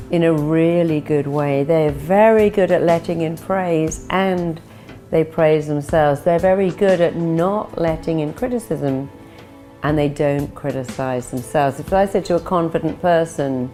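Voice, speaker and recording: A middle-aged woman gives a motivational talk in a low, mellow voice. She brightens for the confident inner voices and drops low and gloomy for the negative ones. Soft music plays underneath. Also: moderate pace. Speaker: motivational speaker.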